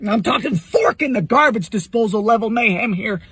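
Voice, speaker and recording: A young man hosting a comedic cooking video, theatrical and exaggerated, with sudden bursts of shouting. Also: high-pitched, animated, moderate pace. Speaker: cooking show host.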